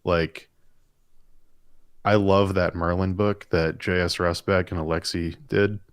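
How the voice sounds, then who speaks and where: A man's voice: low voice, fairly even intonation, slow pace, clean tone, dry recording, studio quality. A man co-hosting a live stream, reading viewer questions aloud and answering with rambling, enthusiastic stories. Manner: chatty, rambling, enthusiastic storytelling. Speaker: comic artist and co-host.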